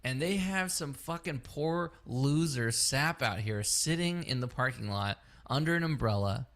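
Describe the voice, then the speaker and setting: A podcast co-host tells a story about his day in a loose, chatty way, his voice at an ordinary middle pitch. He is animated and curses a lot, slipping into quick impressions of the people he met and acting out both sides of the story.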